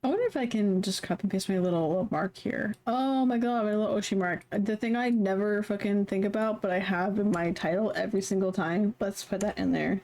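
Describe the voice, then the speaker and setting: A woman's voice: mid-range voice, steady tone, brisk, hardly any pauses, a little mellow. A woman streamer chatting casually, rambling and playful, poking fun at herself. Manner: rambling, playful, self-mocking.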